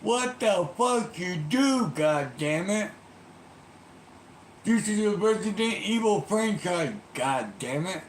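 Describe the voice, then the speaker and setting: A man's voice: medium pitch, fairly quick, few pauses, roomy sound, slight background noise, pitched above the performer's own voice, close to an everyday voice. A man voicing a furious middle-aged man who curses and rants at a little girl. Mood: outraged ranting. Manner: shouting, cursing, ranting.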